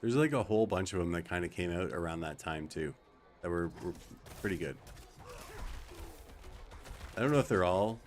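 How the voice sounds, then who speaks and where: Deep-voiced joking male game streamer. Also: moderate pace, pauses often, soft background music. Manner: relaxed, joking, talks a friend through the game. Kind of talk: casual gaming chat with viewers.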